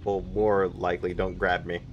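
A young man giving jokey horror game commentary, taunting the game and bursting into high yells. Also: flat delivery, moderate pace, lo-fi sound, slight background noise. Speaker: gaming streamer.

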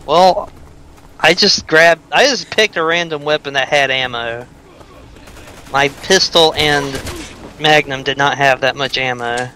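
A man's voice: on the high side, unhurried, pushed and bright, poor audio. A man giving casual, joking commentary over a co-op video game and swearing freely. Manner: joking, swears, plays with voices. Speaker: let's play commentator.

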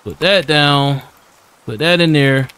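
Young man, gaming commentary, slangy, chatty, slightly high voice. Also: slow pace, bright, forceful tone, smooth. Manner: chatty, slangy, laughs often, talks to game characters. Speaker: gaming YouTuber. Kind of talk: casual let's-play commentary.

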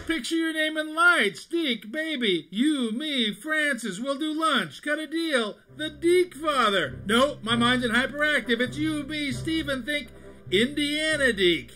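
A man voicing a fast-talking, flattering Hollywood movie agent in a cartoon parody, with a smooth sales patter. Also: extremely high pitch, soft background music, voice pushed up, heavily acted, poor audio. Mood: excited.

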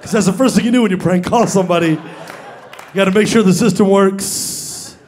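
A young man with a high voice tells a story on stage in a stand-up set. He delivers it in an animated way, acting out the voices of the people in it. He speaks into a stage microphone. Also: fairly quick, a faint crowd, a little hiss or hum. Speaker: stand-up comedian. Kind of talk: stand-up comedy routine. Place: stage before a live audience.

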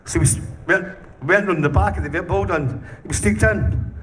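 A man's voice: sits high, moderate pace, a bit bright. A man telling rowdy stories in a casual interview, swearing constantly and breaking into laughter. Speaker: punk band singer. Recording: distant mic with faint background noise.

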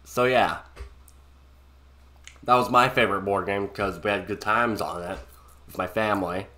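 A man giving casual, swearing, halting reaction commentary. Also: fairly low pitch, steady tone, bright, forceful tone. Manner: laid-back, swearing, halting. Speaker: reaction video host.

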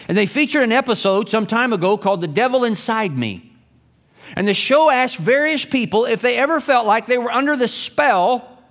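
A man preaching a church sermon in a high, light voice. He reads scripture and quotes with emphatic rises, then drops to quiet, low lines for weight. His delivery swings between urgent and hushed. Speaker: pastor.

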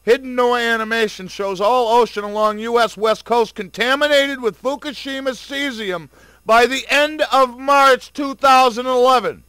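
A man's voice: very high-pitched, steady tone, normal speed, pushed and bright, smooth, no room sound. Furious, swearing man ranting. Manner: furious, profane and sarcastic. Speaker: vlogger. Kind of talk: angry video rant.

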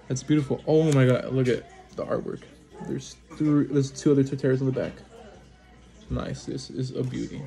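A man hosting his own channel, casually commenting at home at a small table as he opens card packs, rattling off card names quickly with brief excited reactions. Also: mid-range voice, vocal fry, faint music behind. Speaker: card-opening channel host.

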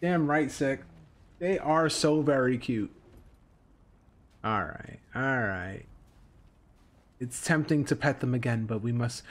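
A man streaming a video game, rambling through casual commentary, swearing and getting excited. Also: medium pitch, takes it slowly, long pauses.

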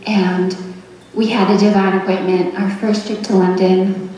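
A young woman giving a tender, rambling memorial tribute, laughing softly between her thoughts. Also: medium pitch, little pitch movement, unhurried. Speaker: daughter giving a eulogy. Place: memorial service hall. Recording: echoey hall, heard from far off.

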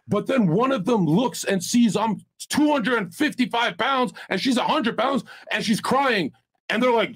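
A man with a husky, fairly high voice holds the floor on a podcast panel. He talks in a profane, boastful, rambling way, spinning a story and arguing hard. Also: animated, moderate pace. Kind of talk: heated panel banter and storytelling.

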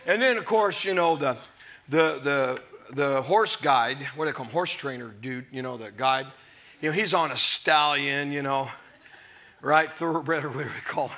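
A man in his fifties preaching a sermon to a live congregation, emphatic and often shouting, with jokey storytelling. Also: fairly high pitch, normal speed. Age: 50s. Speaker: pastor. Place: church service before a live congregation.

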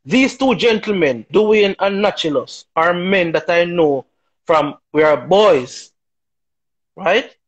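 High-voiced husky man, emphatic. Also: expressive, takes it slowly, dull audio. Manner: emphatic, rhetorical, keeps asking "right?". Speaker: talk show guest. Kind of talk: opinionated talk show discussion.

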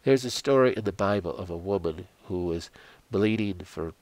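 An older man giving an earnest devotional sermon, telling stories dramatically and sinking into quiet prayer. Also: low voice, moderate pace, no echo. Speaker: Christian health coach.

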